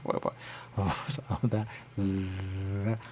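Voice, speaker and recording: A man hosting a radio talk show, rambling on his own and repeating the same catchphrase over and over, sometimes acting out other people in a high voice. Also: flat delivery, slow pace, darkish tone, slight background noise. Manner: rambling, repeats "there you go" constantly.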